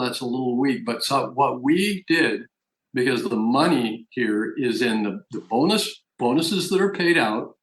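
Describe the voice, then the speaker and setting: Emphatic man pitching in an echoey room. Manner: persuasive, emphatic sales talk. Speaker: network marketing presenter. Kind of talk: business opportunity presentation.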